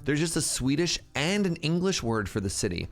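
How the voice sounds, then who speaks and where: A man's voice: on the high side, big pitch swings, normal speed, faint music behind. A man streaming a game live, chatting playfully with his viewers. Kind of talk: casual live-stream chat.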